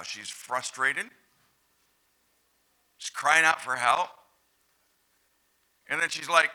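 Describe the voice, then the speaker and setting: A male pastor delivers a conversational sermon and speaks to the congregation with direct questions. His voice is very bright and forceful. He keeps an unhurried pace. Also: on the high side, expressive.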